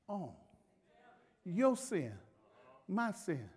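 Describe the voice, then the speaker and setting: A man's voice: sits high, animated, unhurried, pauses often, a little mellow. A man preaching a sermon as pastor, in a folksy, conversational way with laughter and acted-out pleading. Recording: long hall reverb.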